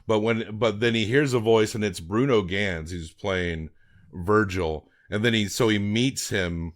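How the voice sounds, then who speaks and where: A man with a fairly low voice co-hosts a film podcast. He recaps the plot in loose, casual chat. He rambles, restarts his sentences and swears without a second thought. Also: unhurried.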